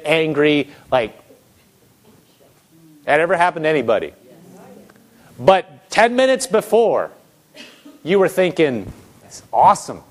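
A man preaching a conversational sermon, asking lots of rhetorical questions and acting out people's thoughts. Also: mid-range voice.

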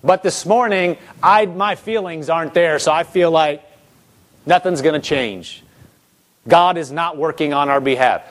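A man's voice: on the high side, moderate pace. A man preaching a conversational sermon, asking lots of rhetorical questions and acting out people's thoughts.

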